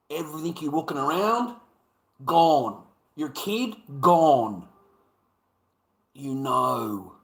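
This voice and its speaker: A man's voice: mid-range voice, fairly bright tone. A man on a live stream, ranting in a sweary, emphatic, repetitive way and calling listeners mate.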